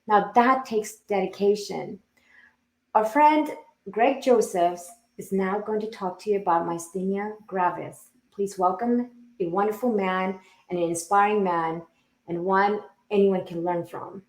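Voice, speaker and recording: A woman's voice: mid-range voice, unhurried. A woman hosting a podcast interview, who laughs easily as she introduces her guest. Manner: warm, laughing often. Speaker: podcast host. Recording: roomy echo.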